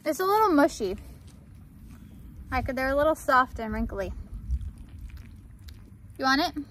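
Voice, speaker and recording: A woman's voice: high-pitched, sing-song, unhurried. Chatty woman on a farm. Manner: chatty, talks to animals in a soft coaxing voice. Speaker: farm vlogger. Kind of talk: casual farm vlog chat. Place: outdoors on a farm. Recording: faint background noise outdoors. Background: farm animals and outdoor ambience.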